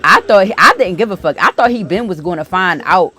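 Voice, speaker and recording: Animated profane woman telling a story. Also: fairly low pitch, brisk. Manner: animated, profane retelling with many fillers. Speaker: storytime vlogger. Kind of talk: casual storytime.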